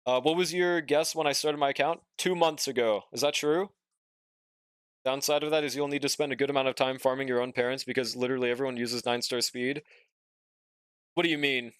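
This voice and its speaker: In clean, dry studio sound, a young man streams a game at a normal speed, pausing often, his medium-pitched voice steady, clean and a bit bright. He yawns and sounds sleepy, drawling in a laid-back way, swearing often, and reading and answering chat as he casually talks.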